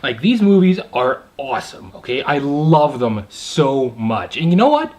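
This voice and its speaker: Animated young man rambling through a review. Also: mid-range voice, unhurried. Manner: excited and rambling, with frequent asides and filler. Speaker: movie reviewer. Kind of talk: casual video review.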